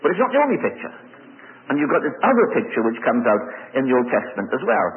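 Animated preacher man on a tinny recording. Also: mid-range voice, fast. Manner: animated, emphatic, with repeated stumbles on words. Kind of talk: expository sermon. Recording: tinny phone-like sound in a reverberant hall.

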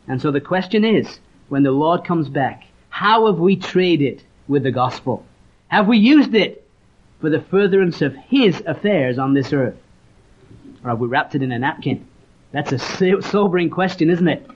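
Male preacher, fairly high voice, earnest storyteller, lo-fi sermon tape. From Leeds, northern England. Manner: earnest storytelling, reads scripture aloud. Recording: dull lo-fi recording.

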